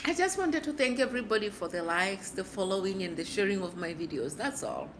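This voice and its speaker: A middle-aged woman hosting a casual livestream, chatting playfully with viewers and laughing often, her voice hoarse. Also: mid-range voice, lively intonation, brisk, very noisy. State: hoarse from screaming. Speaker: livestream host.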